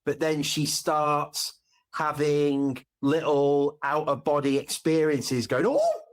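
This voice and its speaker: A man's voice: a little high, takes it slowly. A man chatting on a podcast, telling anecdotes animatedly and acting out the exchanges. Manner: animated storyteller, acts out exchanges. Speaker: podcast guest. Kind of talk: casual chat.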